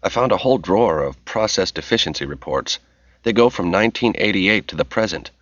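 A man's voice: low voice, expressive, fairly quick, fairly bright tone, no room sound, lo-fi sound. A male audiobook narrator voicing a nervous young man caught snooping through files.

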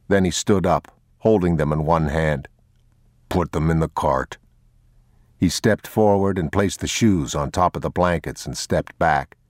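A man narrating an audiobook in a slow, measured, somber manner. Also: low voice, no echo, clean studio sound. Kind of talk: scripted narration.

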